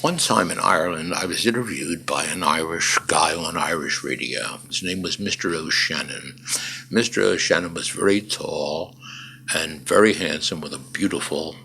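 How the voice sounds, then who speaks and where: Older male interview guest, very low and gravelly voice, emphatic storyteller with dry wit. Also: moderate pace, bright, forceful tone. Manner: emphatic, dry humor, frequent "uh" fillers. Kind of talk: conversational storytelling.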